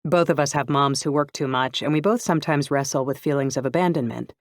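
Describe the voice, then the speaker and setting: Woman, audiobook narrator, first-person novel, even delivery, dry close sound. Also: deep voice, fast talker, no room sound. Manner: even, clear storytelling.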